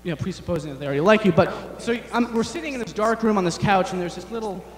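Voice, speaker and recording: A young man performing a rambling, self-deprecating stand-up set, halting often with fillers. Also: sits high, roomy sound, in a large hall, slight background noise. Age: young adult. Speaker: stand-up comedian. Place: large chapel hall on stage.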